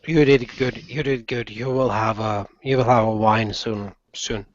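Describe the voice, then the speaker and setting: A man voicing an earnest, gentle gnome adventurer who speaks in a measured way, on a dry, slightly dull lo-fi recording. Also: fairly low pitch, steady tone, dry recording, close to an everyday voice.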